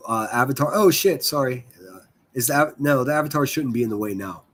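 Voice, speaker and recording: A man's voice: mid-range voice, animated, a little fast, fairly bright tone. A man hosting a casual livestream, rambling and swearing freely as he chats with viewers. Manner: profane, rambling, self-deprecating. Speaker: livestream host.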